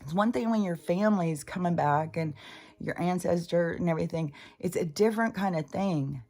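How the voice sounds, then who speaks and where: A woman's voice: fairly low pitch, normal speed, a little mellow. An older woman talking in a rambling, profane, casual monologue as a spiritual channeler.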